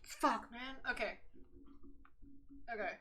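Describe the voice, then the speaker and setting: A woman streamer chatting excitably during a live game, swearing and laughing often. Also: a little high, takes it slowly, a crowd in the background. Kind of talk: live stream chat while playing a game. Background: keyboard typing.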